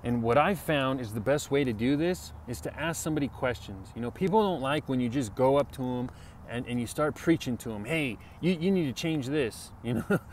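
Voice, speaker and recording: A man of ordinary pitch talks earnestly through a Bible lesson, loose and repetitive, often asking "right?" as he goes. It is a casual video sermon. Faint traffic and street noise sit under his voice. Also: expressive, a little fast. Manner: earnest, repetitive, conversational, with many "you know" and "right?". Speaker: Bible teacher.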